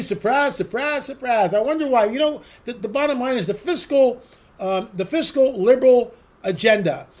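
High-voiced sarcastic man ranting. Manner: rambling and sarcastic, repeats words for emphasis; rhetorical questions. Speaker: political commentary host. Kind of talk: opinionated solo monologue.

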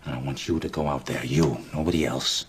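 An actor playing a menacing gang boss with an old New York accent, slow and taunting. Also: male voice, extremely low pitch, fairly even intonation. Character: menacing gang boss, grown man, cold and commanding.

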